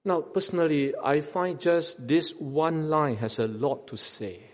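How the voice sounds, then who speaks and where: A man's voice: a little high, measured pace, big-room sound, lo-fi sound. A man preaching a sermon, asking rhetorical questions and repeating phrases for emphasis. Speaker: pastor.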